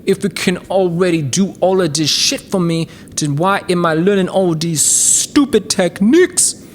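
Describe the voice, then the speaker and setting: A grumbling, slangy male producer, put on by a woman in a low, heavy voice, whining that all his hard work is wasted. He sounds defensive and fed up. A faint hiss sits under him. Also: lively intonation, measured pace. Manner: mock-complaining, slangy.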